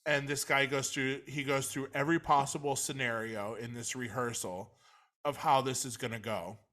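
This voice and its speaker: A man's voice: mid-range voice, fairly even intonation, normal speed, sharp tone. A young man co-hosting a podcast in loose, jokey casual chat, steering the topics. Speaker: podcast co-host.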